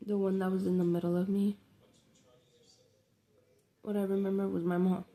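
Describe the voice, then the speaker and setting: A woman's voice: medium pitch, flat delivery, normal speed, mellow. A young woman telling a rambling, slangy, profane story in a casual vlog. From New York City. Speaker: vlogger.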